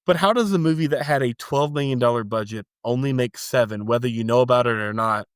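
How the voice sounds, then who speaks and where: A man's voice: medium pitch, quick pace, smooth, dry recording, studio quality. A man from East Texas hosting a movie podcast, brash, joking and profane. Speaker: podcast host. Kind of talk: casual podcast chat.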